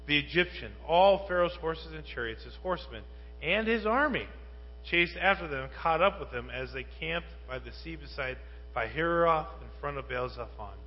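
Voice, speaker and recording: A male pastor preaching a sermon, moving from quiet Bible reading to loud, rising rhetorical questions. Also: on the high side, animated, moderate pace. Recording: muffled, with long reverb and mains hum.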